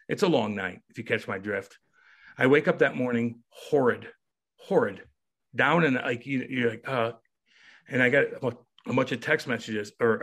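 A man in his thirties tells a story as a podcast guest. He is loose and animated, swears casually, and puts on the voices of the people he talks about. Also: mid-range voice. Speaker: podcast guest, former hockey player.

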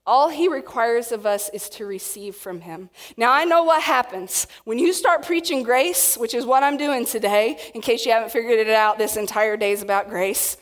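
A woman preaching a sermon to a congregation, animated and acting out quotes in different voices. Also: fairly high pitch, moderate pace. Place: church hall with audience. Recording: long reverb of a hall.

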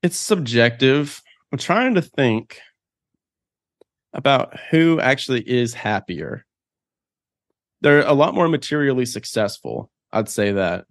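A man's voice: mid-range voice, expressive, takes it slowly, long pauses, dry recording, clean studio sound. A man speaking as a guest on a podcast interview, talking casually and rambling, with lots of fillers as he thinks aloud.

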